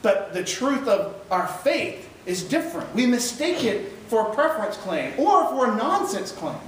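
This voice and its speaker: A man's voice: very high voice, big pitch swings, moderate pace. A man gives an emphatic chapel talk, pressing his listeners with rhetorical questions. He is recorded from a distance in a big echoey hall, with faint room noise underneath. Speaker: speaker at a school chapel. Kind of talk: chapel talk to high school students.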